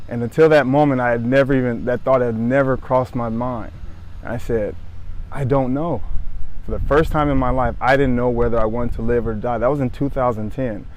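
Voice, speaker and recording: A man in his thirties from Southern California speaks straight to the camera about his own life. His voice sits at an ordinary middle pitch. He sounds earnest and reflective, circling back over phrases and restarting sentences as he thinks. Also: fairly even intonation, normal speed, darkish tone. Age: 30s. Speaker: former pro football player sharing his story. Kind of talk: personal testimony to camera.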